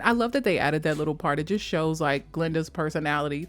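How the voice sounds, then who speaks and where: A woman chatting casually as a vlogger, gushing about a film in slangy talk, switching between high mock voices and soft whispers. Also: animated, moderate pace, faint music behind. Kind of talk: casual chat.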